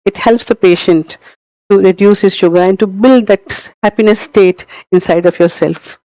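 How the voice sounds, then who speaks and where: A woman's voice: medium pitch, normal speed, mellow, dry recording, lo-fi sound. A middle-aged woman with an Indian English accent, speaking as a conference speaker and telling stories with emphatic repeated words. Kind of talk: conference talk. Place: conference hall.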